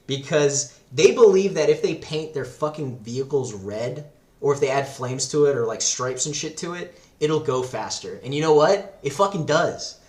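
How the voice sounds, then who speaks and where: A man rambles through a casual podcast chat, cursing freely and laughing often. He sits at an ordinary pitch, and his voice rings out in a roomy, echoing space. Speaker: podcast guest. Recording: roomy echo.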